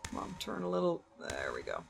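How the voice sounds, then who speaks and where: Give me a chatty woman streamer with a lively voice who jokes and swears while commenting on a game. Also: fairly low pitch, brisk, gravelly, noisy background. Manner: chatty, joking, swears casually; talks to the game's characters. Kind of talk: live gameplay commentary.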